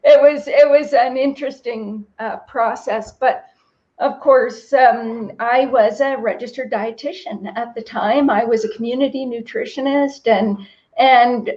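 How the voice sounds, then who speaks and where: A woman's voice: fairly high pitch, fairly even intonation, a little slow, a little mellow. Earnest dietitian woman on a video call. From Canada. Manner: earnest, reflective, moved to tears at moments. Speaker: guest, registered dietitian and author. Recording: slightly dull lo-fi audio.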